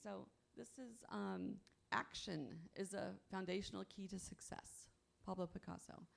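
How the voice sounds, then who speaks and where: On stage at a convention, a woman gives an upbeat motivational talk, often asking the audience "you know what?" Her voice is medium-pitched, expressive, unhurried and creaky.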